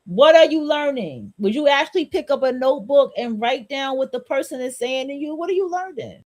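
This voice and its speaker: A woman's voice: high voice, brisk, darkish tone. A woman hosting a solo podcast, talking in a blunt, repetitive, preachy and profane way. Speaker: podcast host.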